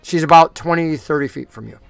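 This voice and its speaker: A man narrating a tabletop role-playing game as game master, talking in a lively way and jumping into character voices. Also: on the high side, brisk, gravelly, clean tone, no room sound.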